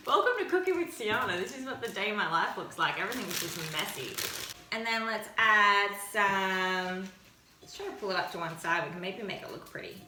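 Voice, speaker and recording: A young woman chatting casually as she cooks, talking to the camera in a chatty, self-mocking way with quick giggles. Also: mid-range voice, expressive, reverberant, background noise. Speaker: cooking vlogger. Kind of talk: casual cooking chat. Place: home kitchen.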